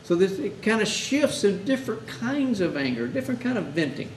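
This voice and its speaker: A man's voice: high voice, sing-song, brisk. A man teaching hospital chaplains in a conversational lecture, often acting out exchanges with grieving families. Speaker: chaplain instructor. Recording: echoey room, mic far off, faint hiss.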